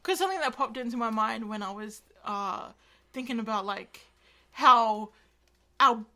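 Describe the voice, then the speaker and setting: A woman's voice: a little high, normal speed, bright, forceful tone. A woman co-hosting a casual podcast, rambling with lots of filler words as she retells stories. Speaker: podcast co-host.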